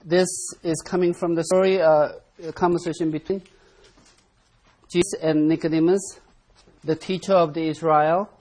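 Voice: mid-range voice, fairly even intonation, moderate pace, darkish tone. A Bible study teacher leading an interactive class, calling on members to read verses aloud and stressing key words with emphatic repetition.

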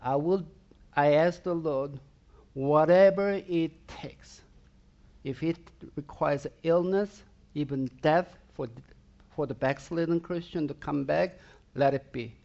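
Slow gravelly preacher man. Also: a little high, darkish tone, muffled recording. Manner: emphatic preaching with repeated rhetorical questions to the congregation. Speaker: pastor. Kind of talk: sermon.

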